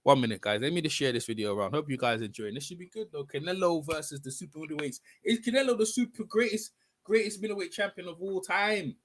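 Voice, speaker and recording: A man with a fairly high-pitched voice hosts a casual boxing live stream, talking quickly with no echo. He rambles and chats with his viewers, correcting himself as he goes.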